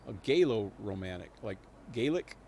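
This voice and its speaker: A man's voice: on the low side, animated, normal speed, gravelly, darkish tone, a little hiss or hum. A man live-streaming a video game, rambling and thinking aloud with chuckles. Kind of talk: live gameplay commentary.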